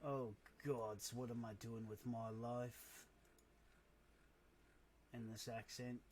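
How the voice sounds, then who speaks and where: Man, gamer, slow pace, mutters to himself, self-deprecating jokes, casual commentary. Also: mid-range voice, level tone, darkish tone.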